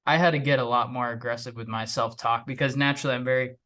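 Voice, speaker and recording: A man's voice: mid-range voice, steady tone, fast talker, sharp tone. A man hosting a podcast conversation, laid-back and agreeable.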